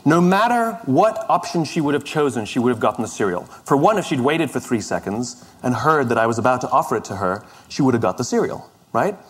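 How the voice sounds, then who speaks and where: A man's voice: medium pitch, breathy edge. A middle-aged man telling a story in a conversational, self-deprecating way, often restarting his sentences. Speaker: speaker. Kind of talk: storytelling talk.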